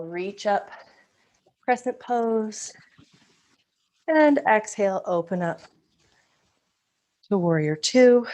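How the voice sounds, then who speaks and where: Slow-paced woman cueing a yoga flow. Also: medium pitch. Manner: calm breath-paced cueing, occasional self-corrections. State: slightly out of breath. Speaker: yoga instructor. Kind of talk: live-streamed yoga class cues. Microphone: video call.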